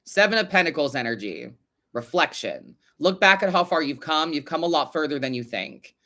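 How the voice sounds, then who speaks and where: A man hosting a casual live-stream tarot reading, chatty and animated, swearing now and then as he talks to his viewers. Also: a little high, moderate pace. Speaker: tarot reader host.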